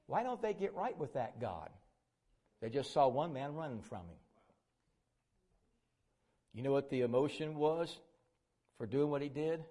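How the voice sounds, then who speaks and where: A man's voice: medium pitch, lively intonation, measured pace, pauses often. A man preaching a sermon, folksy and dramatic, acting out quoted figures. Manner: folksy, voices quoted figures, bursts into shouting.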